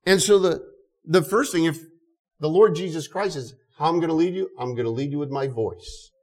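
An older man preaching an earnest sermon, often repeating words and reading scripture slowly. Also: on the high side. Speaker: pastor.

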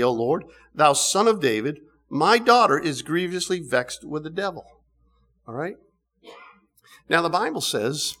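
Male preacher, middle-aged, slightly high-pitched, animated sermon delivery with restarts. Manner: animated, rising to emphatic bursts, many restarts.

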